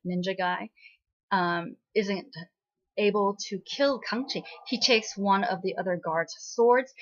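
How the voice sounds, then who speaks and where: A woman's voice: medium pitch, a bit bright. A woman casually recapping a television drama episode in a chatty way, full of "you know" and "right?" fillers. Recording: slightly dull lo-fi audio.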